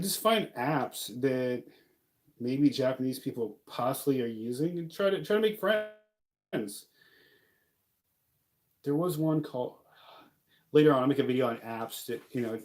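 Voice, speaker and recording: Young man, casual rambling vlogger, jokey, mellow and relaxed in tone, mid pitch. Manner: rambling, joking, frequent fillers and laughs. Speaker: vlogger living abroad. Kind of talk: casual talking-head vlog.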